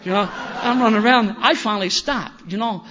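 Rough-voiced man telling a story. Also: sits high, fairly quick, background noise. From Philadelphia. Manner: rough-edged, self-mocking, builds energy as the story heats up. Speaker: speaker sharing recovery story. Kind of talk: storytelling talk to an audience. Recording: dull lo-fi recording.

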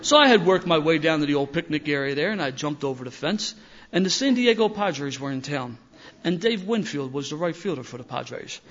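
An older man tells a story in a rough-edged, self-mocking way. His voice sits fairly high for a man, and he gets louder and livelier as the tale builds. The recording sounds dull and lo-fi. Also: expressive, brisk, a little hiss or hum. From Philadelphia. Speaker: speaker sharing recovery story. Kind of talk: storytelling talk to an audience.

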